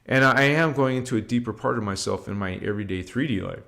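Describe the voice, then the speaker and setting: A man hosting a spiritual livestream, talking loosely and slangily, swearing now and then, and leading slow chanted affirmations. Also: medium pitch, creaky, bright, forceful tone. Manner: loose and slangy, swears, drifts between chat and slow incantation.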